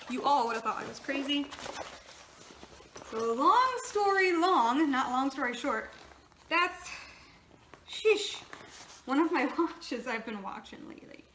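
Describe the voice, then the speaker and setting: A woman chats her way through a sewing project at home, rambling and joking at her own expense. Her voice sits slightly high. The echoey room carries noticeable background noise. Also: fairly bright tone. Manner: rambling, chatty, self-deprecating. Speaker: sewing vlogger. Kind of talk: casual chat while sewing.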